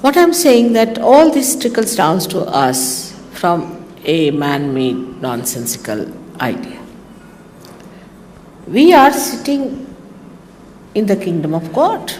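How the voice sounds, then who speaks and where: A woman giving a teasing, animated spiritual talk to her followers. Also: medium pitch, takes it slowly, pauses often, in a large hall, slight background noise. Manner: animated, teasing, laughing asides. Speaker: spiritual teacher.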